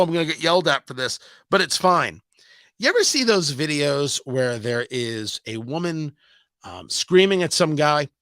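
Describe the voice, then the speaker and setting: A man holds forth on his radio talk show, hammering his points with repetition and rhetorical questions. His voice sits high and swings widely in pitch, with a sharp, bright edge. He is close to the mic in a dry studio. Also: dry recording. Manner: emphatic, sarcastic, repetitive ranting with rhetorical questions. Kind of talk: political talk radio monologue.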